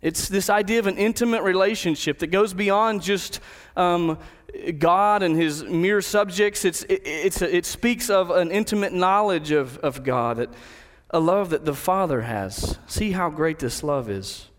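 A man preaching a sermon, telling a personal story and then slowing down to stress key words of a Bible verse. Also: high-pitched, long reverb tail. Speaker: pastor.

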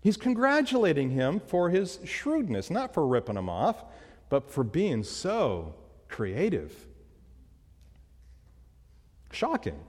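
Guy preaching a sermon, really expressive up and down, emphatic, big echoey church hall. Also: a little high, unhurried. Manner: emphatic, asks rhetorical questions. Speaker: pastor. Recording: long hall reverb.

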